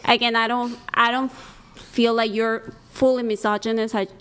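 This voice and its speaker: A woman's voice: a little high, little pitch movement, moderate pace, a bit bright, slight background noise. A woman guest on a dating panel, hedging her opinions with many fillers. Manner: hesitant, hedging. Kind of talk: casual debate.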